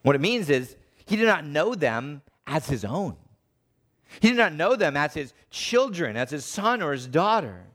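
A man preaching a sermon, animated, acting out the voices of the people he quotes. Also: a little high, normal speed.

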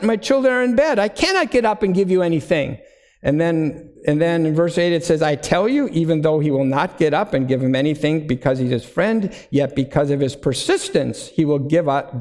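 A middle-aged man preaching a sermon, earnest and deliberate, slowing down to stress key words. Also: a little high, a little mellow, big-room sound. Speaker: pastor.

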